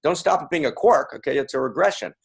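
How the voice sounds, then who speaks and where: A man's voice: fairly high pitch, animated, fast, gravelly, husky. A man giving a playful, interactive talk to a live audience, calling out to them and repeating lines. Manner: playful, repetitive, calling out to the crowd. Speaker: speaker.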